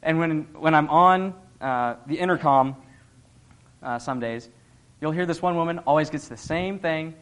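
Young guy preaching, earnest and chatty, bit of a higher voice, laughs a lot. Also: a little slow, fairly bright tone. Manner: earnest, conversational, laughs often. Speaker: lay preacher. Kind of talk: sermon.

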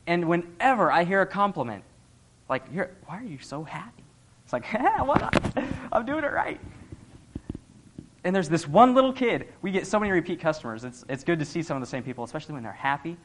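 A man's voice: on the high side, lively intonation, fast, background noise. A young man giving an earnest, conversational sermon, laughing often as he talks. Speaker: lay preacher.

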